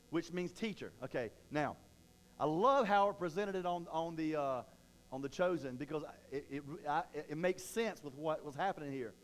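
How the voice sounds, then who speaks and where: Animated, slightly high-voiced male preacher. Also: normal speed. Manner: animated, repeats words, acts out quotes. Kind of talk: online sermon.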